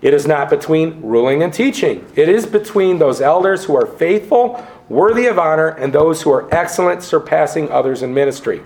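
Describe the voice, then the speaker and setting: Male preacher, emphatic expository style, slightly raised pitch, echoey church room. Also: lively intonation, a little mellow. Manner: deliberate, emphatic, lists synonyms slowly. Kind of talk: expository sermon. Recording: roomy echo.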